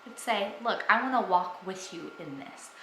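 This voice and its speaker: Bright-voiced young woman, earnest chat. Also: mid-range voice, animated, normal speed, echoey room, a little hiss or hum, low-quality recording. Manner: earnest, enthusiastic, chatty. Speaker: family vlogger. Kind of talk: casual faith talk to camera.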